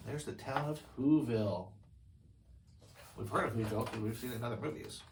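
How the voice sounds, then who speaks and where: Guy reading a picture book out loud, stops to chat with listeners, middle pitch, faint noise behind. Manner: pauses to comment to listeners. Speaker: storybook reader.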